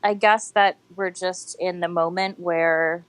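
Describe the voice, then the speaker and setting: A woman's voice: lowish voice, steady tone, slow, clear, resonant tone, no echo, poor audio. A young woman co-hosting a podcast, talking in a musing, loose way full of "like" and "I mean.". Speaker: podcast co-host. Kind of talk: casual chat.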